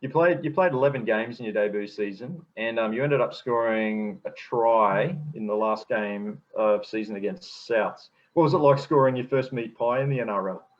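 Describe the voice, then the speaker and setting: A man co-hosting a casual chat, asking relaxed questions at an ordinary pitch. The audio sounds dull and muffled, with the top end cut off. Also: normal speed, few pauses. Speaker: podcast co-host.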